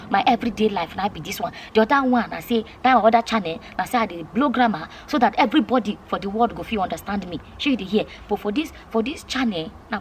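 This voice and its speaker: A woman's voice: fairly high pitch, a little hiss or hum. A woman with a Nigerian Pidgin accent, chatting casually and emphatically to her vlog viewers, repeating herself often. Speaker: vlogger.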